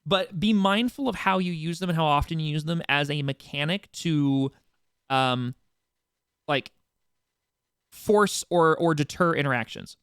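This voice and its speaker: A man's voice: a little high, a little slow, long pauses, fairly bright tone, clean tone, no room sound, clean studio sound. A man hosting a casual community meeting for a roleplay server, rambling through reminders with frequent restarts and fillers. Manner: informal, occasionally swears for emphasis. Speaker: roleplay server staff host.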